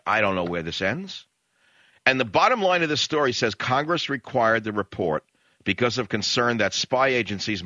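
Male radio host, combative ranter; lively, swooping pitch and a bright, forceful edge; dry, dull-sounding studio mic. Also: dry recording. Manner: combative, ranting, rhetorical questions. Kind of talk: opinionated radio monologue.

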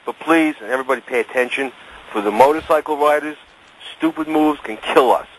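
A man's voice: medium pitch, a little fast, slight background noise, rough recording. A man calling into a radio show, earnestly pleading with drivers to be careful. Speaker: caller. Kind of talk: call-in radio conversation.

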